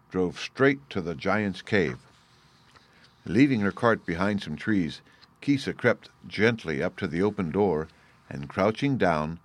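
A man reading a fairy tale aloud as narrator, measured and expressive. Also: low voice, no echo. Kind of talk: storybook reading.

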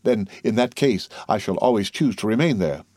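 A man's voice: on the low side, lively intonation, normal speed, a little mellow, no room sound, studio quality. A man reading aloud who voices an eager, scheming young man with an anxious, ingratiating manner.

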